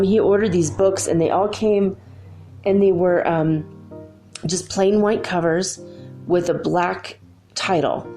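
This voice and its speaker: Woman, middle-aged, deep mellow voice, rambling casual talk. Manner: rambling, chatty, with many fillers. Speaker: spiritual channel host. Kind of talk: casual spoken monologue.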